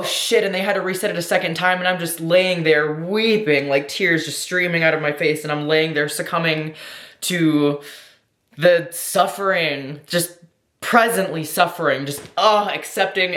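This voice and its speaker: A young woman talking casually to her vlog camera, rambling and excitable, swearing a lot and telling things dramatically. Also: fairly low pitch, reverberant. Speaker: vlogger.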